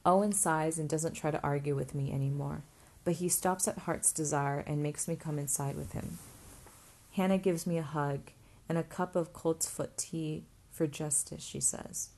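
A woman narrating a first-person novel as an audiobook, in a steady, even reading voice. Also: low-pitched, moderate pace.

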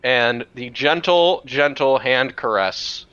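A man playing a tabletop game, playful and quick to whoop. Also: bright, forceful tone, clean tone, no echo, dull audio. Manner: playful, breaks into high whoops. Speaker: player.

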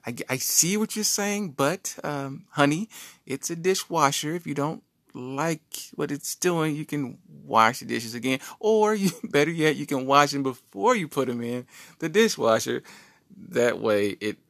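A sassy, giggly wife with a lilting voice that leaps up high, as a man puts her on. Her lines are quick-tongued and teasing. The sound is dry and close. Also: lively intonation, fairly bright tone, no room sound.

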